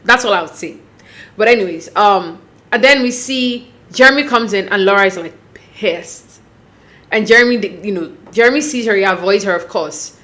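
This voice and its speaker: A woman casually recapping a reality show episode, chatty and animated, acting out what the cast members said. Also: mid-range voice, brisk. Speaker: recap vlogger.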